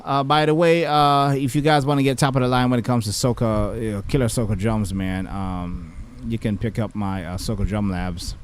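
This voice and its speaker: A man's voice: medium pitch, normal speed, few pauses, a little hiss or hum. A man, a music producer talking casually through a beat-making tutorial with lots of fillers. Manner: relaxed, chatty, many fillers. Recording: music playing behind the voice.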